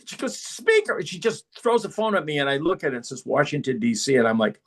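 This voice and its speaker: Speaking quickly at a medium pitch, a middle-aged man guests on a podcast and tells stories in an easygoing, energetic style. He acts out the voices of the people he quotes.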